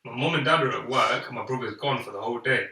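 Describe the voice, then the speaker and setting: Young male podcast co-host, bright tone, lively storyteller doing the voices, roomy echo, distant mic. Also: mid-range voice, fast talker. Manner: animated storyteller, acts out quoted voices. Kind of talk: casual storytelling chat. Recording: echoey room, off-mic.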